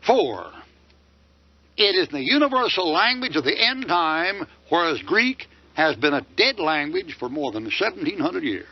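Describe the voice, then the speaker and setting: A man's voice: on the high side, big pitch swings, normal speed, hardly any pauses. An older man preaching a fiery sermon lecture, firing off mocking rhetorical questions. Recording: dull lo-fi dry recording.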